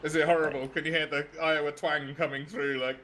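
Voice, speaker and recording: A man's voice: fairly high pitch, flat delivery, a little fast, sharp tone, slight background noise. A man chatting casually with sim racing teammates, easygoing and agreeable, chuckling along. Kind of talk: casual chat in team voice chat.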